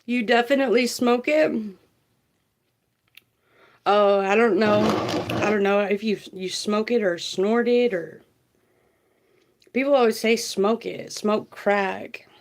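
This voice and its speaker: A woman's voice: medium pitch, a little slow, pauses often. A woman, doing a casual tarot livestream, chatty and laughing as she reads viewer comments aloud.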